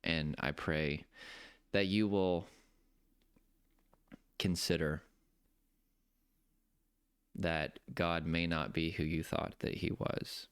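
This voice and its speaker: Man, coach type, earnest faith talk; deep and gravelly with a smooth, dry sound. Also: level tone, no echo. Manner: earnest, preacherly, slows down for emphasis. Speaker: nervous system coach. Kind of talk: heartfelt personal faith talk.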